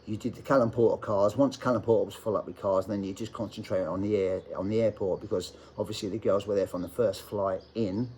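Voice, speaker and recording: A man's voice: lowish voice, fairly even intonation, fairly quick, few pauses, mellow, slight background noise. A middle-aged man, casually telling a personal anecdote, often laughing as he talks. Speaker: storyteller.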